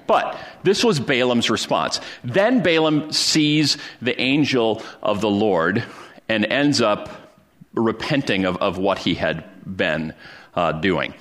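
A pastor with a medium-pitched, fairly bright voice preaches a sermon. He retells a Bible story conversationally, full of fillers and restarts.

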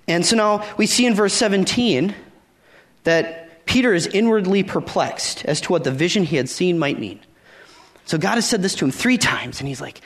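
A man's voice: sits high, lively intonation, quick pace, fairly bright tone. A man preaching a conversational sermon, reading scripture aloud and acting out the dialogue in his own words. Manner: conversational, acts out the dialogue with repeated phrases. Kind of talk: sermon, Bible teaching.

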